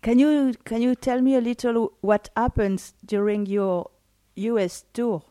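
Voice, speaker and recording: A woman interviewing a musician, speaking haltingly and searching for words. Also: fairly high pitch, steady tone, dark tone, no echo.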